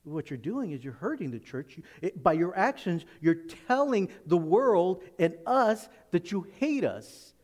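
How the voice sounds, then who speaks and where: A male pastor preaching in a church with a high voice that leaps up and down. He is animated and dramatic, acting out the voices of the people he describes, with laughter slipping in. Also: measured pace, hardly any pauses, big-room sound. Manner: animated, acts out quotes, laughs often. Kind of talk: expository sermon.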